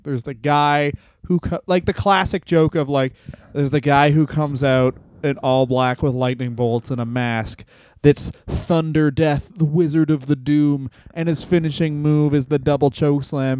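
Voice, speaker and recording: A man co-hosting a podcast, rambling and joking in casual chat, now and then slipping into quick impressions. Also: mid-range voice, a little mellow. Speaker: podcast co-host.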